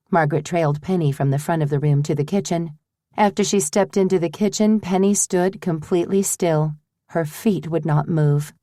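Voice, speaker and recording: A woman narrating an audiobook in a measured, even way. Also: low-pitched, dry recording, clean studio sound.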